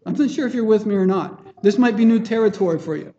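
Earnest high-voiced male preacher, lo-fi. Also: fast talker, warm tone, slight background noise. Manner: earnest, plain-spoken, with frequent restarts and checking-in questions. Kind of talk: sermon. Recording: dull lo-fi sermon recording.

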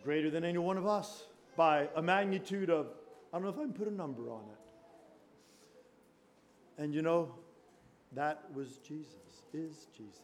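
A man preaching a fervent sermon, reading scripture and swinging from quiet murmurs to shouted praise. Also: on the high side, moderate pace, long pauses, slight background noise. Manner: reads scripture in King James wording.

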